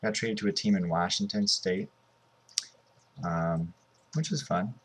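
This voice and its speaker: A man's voice: lowish voice, lively intonation, measured pace, slightly rough. A man in his twenties from Southern California, giving casual, rambling commentary over a mobile game. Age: 20s. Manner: rambling and offhand.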